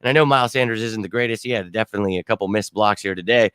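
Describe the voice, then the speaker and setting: A man hosting a sports fan show, ranting bluntly and swearing after a loss, his throat hoarse from screaming. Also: on the low side, racing, fairly bright tone, no room sound, clean studio sound. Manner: fired-up, blunt, swears, repeats himself. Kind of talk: casual postgame fan rant.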